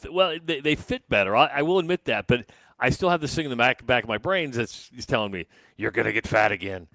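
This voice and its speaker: A man's voice: mid-range voice, lively intonation, fast talker, sharp tone, no echo. A man co-hosting a sports radio show, rambling in a self-deprecating way and restarting his sentences. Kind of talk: casual radio talk.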